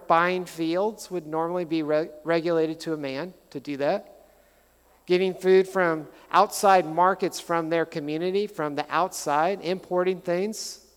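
Middle-aged man, pastor preaching a sermon; chatty, storytelling, a bit of humor; slightly high voice, long hall reverb. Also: smooth. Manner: conversational, animated storytelling with humor.

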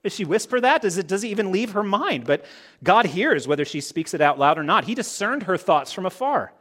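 A male pastor delivers a sermon, leaning on rhetorical questions to draw in his listeners. His voice sits a little high and moves with lively, animated inflection. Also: a little fast.

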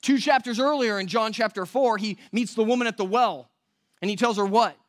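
A man's voice: high-pitched, brisk. A man preaching a sermon as pastor in a church, talking conversationally, asking rhetorical questions and correcting himself aloud.

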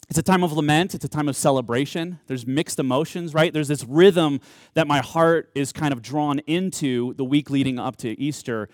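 A male pastor in his thirties delivers a sermon in an earnest, conversational way, often restarting mid-sentence and repeating words. His voice sits a little high for a man. The sound is close and dry, with no room echo.

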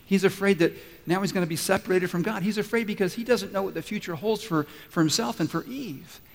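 A man preaching a sermon as pastor, emphatic and repeating key phrases slowly for weight. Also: high voice, a little hiss or hum. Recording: long reverb of a large hall.

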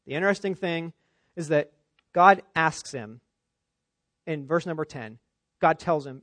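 A male pastor delivers an emphatic expository sermon, his fairly high voice pushing up on key points and sinking low for quiet asides. The sound is dry and close. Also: expressive, normal speed, no room sound. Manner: emphatic, rising for stress, dropping low for asides.

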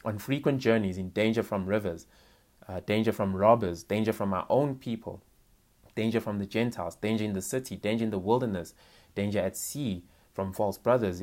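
A man preaching a sermon, explaining scripture conversationally, reading passages aloud and often checking in with "right?". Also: fairly low pitch. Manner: reads scripture aloud with emphasis.

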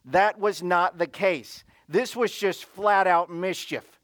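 A man's voice: high-pitched, slow pace, fairly bright tone, dry recording. A man preaching a sermon as pastor, telling a personal story and asking the congregation questions. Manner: storytelling, asks the audience questions.

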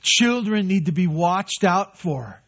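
A man's voice: sits high, lively intonation, slow, vocal fry, a bit bright. A man preaching a sermon as pastor, earnest and conversational, often repeating a phrase for emphasis. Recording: dull lo-fi recording.

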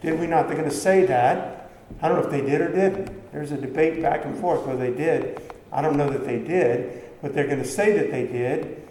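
A man's voice: fairly high pitch, moderate pace, a little mellow, slight background noise. A man preaching a sermon in a conversational way, asking the listeners questions and answering them himself. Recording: echoey hall with faint background ambience.

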